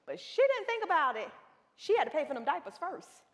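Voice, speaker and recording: A woman's voice: sits high, brisk. A woman business coach giving a seminar talk, telling stories and speaking straight to the audience. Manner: animated storytelling, addresses the room directly. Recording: reverberant hall.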